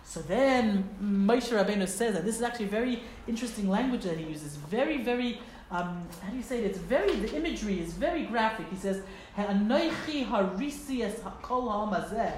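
Woman explaining a torah lesson, chatty and animated, words, echoey room w/ faint hiss. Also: mid-range voice, fairly quick. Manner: conversational, expressive, asks rhetorical questions. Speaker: Torah teacher. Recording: roomy echo, faint background noise.

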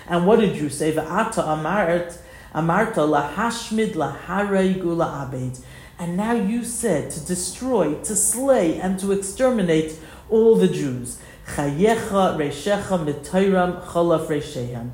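A woman's voice: lowish voice, lively intonation, unhurried, darkish tone, echoey room. A woman teaching a text study class, reading passages aloud and then explaining each one plainly. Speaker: Torah teacher.

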